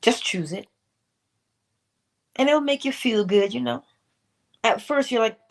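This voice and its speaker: With vocal fry in a voice on the high side, a middle-aged woman speaks unhurriedly. She's giving a motivational talk on a morning inspirational livestream, full of pointed questions and playful asides to herself.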